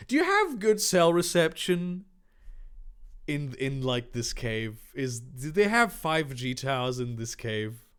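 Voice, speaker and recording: A man reading a story aloud for comedy, breaking off for sarcastic, deadpan asides. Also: medium pitch, takes it slowly, clear, resonant tone. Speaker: fanfiction reader.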